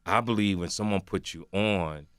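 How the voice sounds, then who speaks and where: An older man, a guest comedian on a radio show, telling stories excitedly, slipping into other people's voices and laughing while he talks. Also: sits low, normal speed, clear, resonant tone, dry recording, clean studio sound. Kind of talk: animated radio interview storytelling. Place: radio studio.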